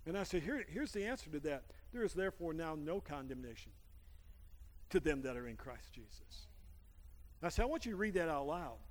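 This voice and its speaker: A male pastor preaching a sermon, telling a story and calling for amens from the congregation. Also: fairly high pitch. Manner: storytelling preacher, calls for amens, builds to loud praise. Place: church sanctuary. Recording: long reverb in a church hall with music.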